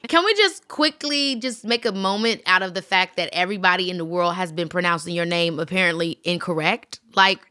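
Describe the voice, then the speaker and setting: A woman's voice: fairly low pitch, a little fast, few pauses, sharp tone, smooth. A woman hosting a casual talk show, upbeat and slangy, laughing often with her guests.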